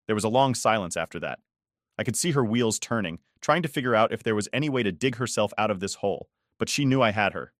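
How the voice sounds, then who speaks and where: A man narrating a first-person story in a measured, restrained and cold manner. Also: lowish voice, animated, fairly bright tone, no room sound, studio quality.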